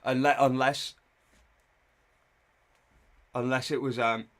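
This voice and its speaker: A young man reacting live on stream, in a middle-pitched voice. He talks in a loose, irreverent and blunt way, like live commentary. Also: level tone, slow, a bit bright.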